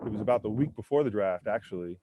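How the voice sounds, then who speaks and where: Laid-back mellow-voiced man telling stories. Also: fairly low pitch, animated, fast talker, no room sound. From United States. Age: 40s. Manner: laid-back and candid, heavy on fillers like "man" and "you know"; acts out other people's lines while telling stories. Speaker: interview guest, former pro football lineman. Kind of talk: casual storytelling interview. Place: windy rooftop, outdoors.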